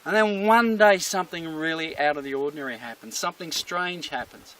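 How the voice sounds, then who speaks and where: A man, a dog trainer explaining a behaviour problem through an animated story. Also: a little high, brisk, recorded from a distance, low-quality recording.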